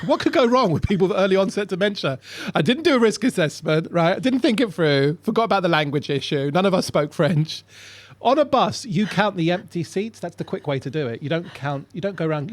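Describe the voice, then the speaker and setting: A man, a comedian, telling funny stories in a casual chat and jumping into voices for the punchlines. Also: high-pitched. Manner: animated, jumps into voices for punchlines. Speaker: comedian guest. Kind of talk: casual chat, comic storytelling.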